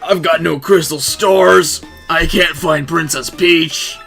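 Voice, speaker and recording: A man voicing a loud, grumpy, boastful monster king who blusters and drags out words. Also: fairly high pitch, slow, vocal fry, faint music behind, pitched above the performer's own voice, heavily acted. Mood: grumbling.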